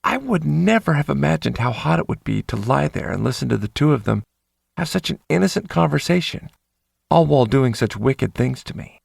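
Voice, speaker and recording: A man's voice: fairly high pitch, very animated, brisk, vocal fry, breathy edge, no echo, studio quality. A man narrating a first-person romance audiobook in an intimate inner-monologue manner.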